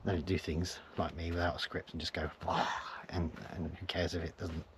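A man casually vlogging from his van at a forest campsite, rambling and chuckling, sometimes dropping to a hush so he isn't overheard, with a handheld camera picking up his voice. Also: deep voice, level tone, fairly quick. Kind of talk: casual camping vlog chat. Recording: noisy outdoor ambience.

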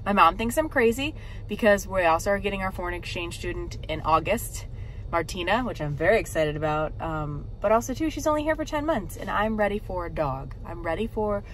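A woman's voice: medium pitch, animated, brisk, a bit bright, slight background noise. A woman vlogger chatting casually to camera from her parked car, rambling with lots of fillers. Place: parked car at a rest stop.

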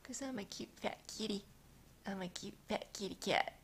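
A woman voicing a plump, smug female house cat in a high, cooing, half-whispered voice. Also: normal speed, fairly bright tone, a little hiss or hum, natural voice. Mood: playful.

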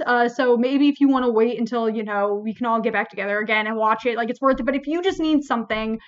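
A woman librarian hosting a casual review chat, animated and full of fillers like "like" and "um". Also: a little high, dull audio. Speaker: librarian podcast host.

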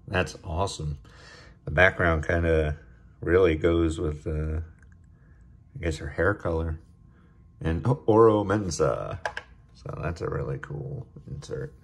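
A man hosting a casual card-opening video, chatting in a relaxed way and getting excited over good pulls. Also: low voice, vocal fry, slightly rough. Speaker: card-opening channel host.

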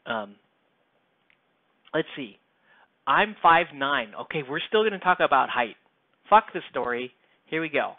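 A man's voice: mid-range voice, very animated, unhurried, vocal fry, pauses often, no room sound. Rambling young man, tinny and dry. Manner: rambling, self-mocking, reads chat comments aloud. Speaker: painting streamer. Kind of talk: casual chat while painting. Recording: dry, tinny, phone-like sound.

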